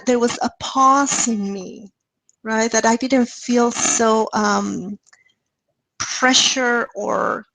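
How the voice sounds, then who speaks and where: A woman presenting on a video call webinar, telling a story in a casual, lively way and acting out the dialogue. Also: no echo, rough recording. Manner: lively, acts out dialogue with rising pitch and laughs.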